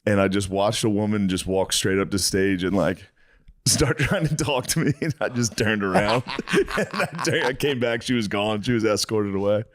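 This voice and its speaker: A man's voice: lowish voice, normal speed, no echo. A man co-hosting a podcast, chatting casually and animatedly, often laughing and mimicking people he describes. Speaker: podcast co-host. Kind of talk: casual chat.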